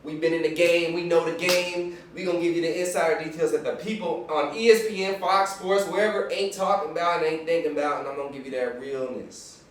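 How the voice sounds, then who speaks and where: A man's voice: a little high, steady tone, a little fast, hardly any pauses. A young man hosting a casual sports picks show, hyped, slangy and joking, recorded from a distance in a room. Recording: echoey room, mic far off.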